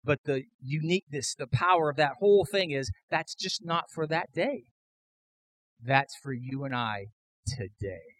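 A man preaching a sermon as pastor, emphatic, building to loud repeated declarations. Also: fairly high pitch, lively intonation, measured pace, no room sound, poor audio.

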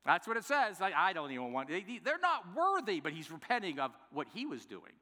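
A man preaching a sermon in a casual, animated way, acting out scripture, recorded in a church sanctuary. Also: high-pitched, fairly quick. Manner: animated, conversational, acts out scripture. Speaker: pastor. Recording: long echoing hall reverb.

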